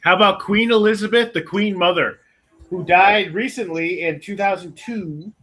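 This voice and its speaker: A man's voice: high voice, moderate pace, background noise. A man co-hosting a casual podcast, chatting and correcting himself as he goes. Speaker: podcast co-host.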